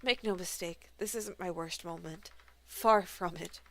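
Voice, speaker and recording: A woman voicing a resigned young crewwoman who speaks in a soft, low, measured way.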